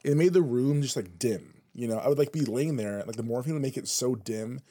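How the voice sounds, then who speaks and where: A man guest on a podcast, telling a personal story in casual chat, animated and peppered with "like". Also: mid-range voice, brisk. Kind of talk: casual conversation.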